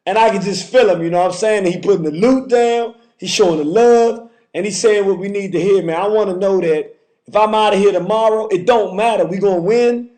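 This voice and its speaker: A man's voice: sits high, brisk, a little mellow. A man hosting a call-in show, talking fervently with a repetitive, preacher-like cadence. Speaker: radio call-in host.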